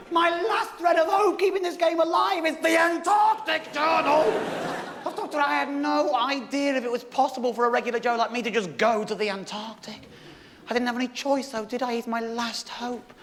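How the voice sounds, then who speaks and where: Excitable British man doing stand-up. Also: very high voice, a little fast, background noise. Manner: excitable, swearing, shouting punchlines. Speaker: stand-up comedian. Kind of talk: live stand-up storytelling. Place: theatre stage with audience laughter.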